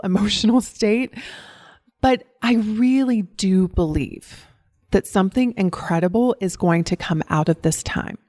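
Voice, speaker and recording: A woman's voice: mid-range voice, darkish tone, no echo, studio quality. Giggly, upbeat Southern woman host. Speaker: podcast host. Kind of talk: solo podcast talk.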